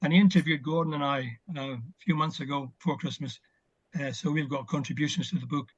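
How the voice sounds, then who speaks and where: Speaking fast in a husky, fairly high voice with a steady tone, an ex-footballer in his older years looks back warmly on his past. He chats as an interview guest on a casual video call, using lots of fillers. The sound has no echo and is lo-fi.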